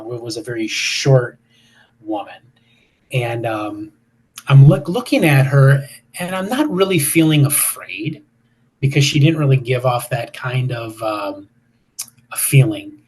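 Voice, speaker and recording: A man's voice: medium pitch, a little mellow, husky. A man in his fifties, a paranormal investigator, telling stories casually in an interview with many fillers and restarts.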